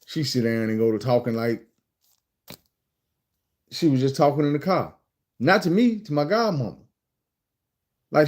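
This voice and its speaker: Southern american man, casual storytime, profane and animated, mellow warm tone. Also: medium pitch. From Arkansas, USA.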